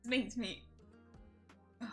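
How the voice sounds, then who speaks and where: A woman's voice: fairly high pitch, fairly even intonation, slow pace, pushed and bright. A young woman streaming a game live, chatting casually and often breaking into giddy laughter and exclamations. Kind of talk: live gameplay stream chat. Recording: faint music behind the voice.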